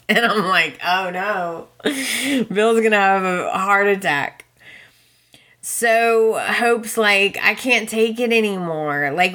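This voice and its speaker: A chatty woman podcast host walks through soap opera episodes. Her voice sits a little low but sounds bright and forceful, and she talks at an unhurried pace. She laughs often and slips into quick voices for the characters. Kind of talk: casual chat recap.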